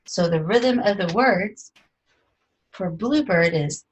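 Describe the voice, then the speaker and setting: A woman teaching a children's music lesson, gently asking questions and singing short phrases and rhythm syllables. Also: medium pitch, lively intonation, slow pace, husky.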